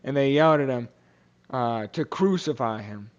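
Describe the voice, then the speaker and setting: A man's voice: mid-range voice, normal speed, lo-fi sound. A young man hosting a podcast, retelling a Bible story in casual talk, with many fillers and restarts and quotes acted out in character. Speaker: podcast host.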